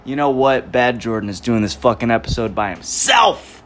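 A young man with a mid-pitched voice hosts a solo podcast rant. He rambles and swears freely, laughing often, and swings from loud outbursts to low mumbling. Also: normal speed. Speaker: podcast host.

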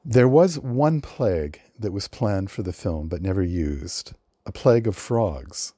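Male storyteller, low and mellow, slightly husky; reads a scripted film history, close dry mic. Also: animated, unhurried, dry recording. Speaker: film librarian guest. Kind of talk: reading a prepared film history.

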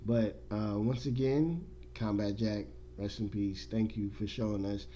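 A man's voice: fairly low pitch, steady tone, measured pace, highs cut off, slight background noise. A young man hosting a casual podcast, joking and swearing freely. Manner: profane, joking, loud bursts of laughter. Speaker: podcast host. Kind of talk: crude casual podcast chat.

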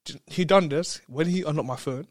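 A man telling a story in casual chat, excitable, laughing often and repeating words. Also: on the high side, a little fast, no echo, studio quality.

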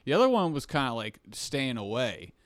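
A man's voice: mid-range voice, very animated, normal speed, no room sound. A man co-hosting a podcast, telling a rambling story full of swearing and restarts in casual chat. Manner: rambling, heavy swearing, restless. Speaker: podcast co-host.

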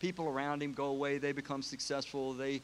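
A preacher giving a sermon, retelling a film story in an emotional, casual way. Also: male voice, mid-range voice, level tone, fairly quick, slight background noise.

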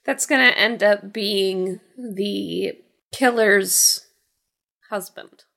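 A woman's voice: medium pitch, drawn-out words, gravelly, sharp tone. A woman co-hosting a podcast, giving blunt, dismissive movie opinions in casual chat. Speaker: podcast co-host.

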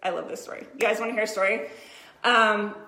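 A woman's voice: mid-range voice, steady tone, quick pace, bright, forceful tone. A woman in her thirties, a business coach, telling a chatty motivational story to her viewers with many "right?" asides. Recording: echoey room.

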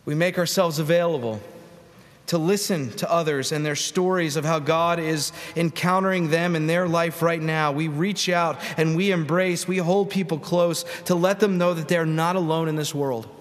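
A man's voice: fairly high pitch, moderate pace. Man preaching in a reverberant sanctuary. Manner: conversational preaching with rhetorical questions. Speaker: pastor. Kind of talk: sermon. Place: large church sanctuary. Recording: long reverb of a church hall.

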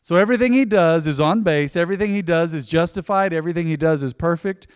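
A man's voice: fairly high pitch, fast, smooth, studio quality. Emphatic man preaching in a hall. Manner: emphatic, conversational preaching with swings between loud and soft. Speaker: pastor. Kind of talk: sermon.

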